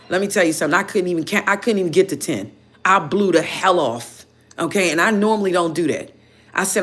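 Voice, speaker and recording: A woman tarot reader casually telling viewers a story in an animated, chatty way, full of "you know" fillers. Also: medium pitch, a little fast. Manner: animated, chatty, heated when retelling.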